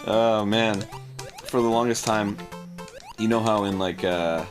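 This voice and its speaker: A man's voice: fairly low pitch, steady tone, unhurried, over music. A man co-hosting a comedic chat, rambling and swearing as he rants about everyday annoyances. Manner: rambling, profane, exasperated ranting. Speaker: podcast co-host.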